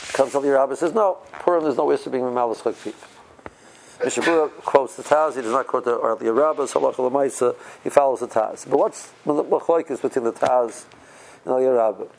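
A man's voice: medium pitch, fairly quick, vocal fry, a little mellow, slight background noise, rough recording. A man teaching an informal Torah lecture, conversational and full of rhetorical questions, with Hebrew terms mixed in. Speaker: rabbi teaching Torah class.

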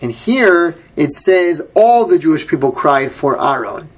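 Man, Bible class teacher, husky voice, somewhat high pitch, reads verses then explains. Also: very animated, a little slow. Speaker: Torah teacher.

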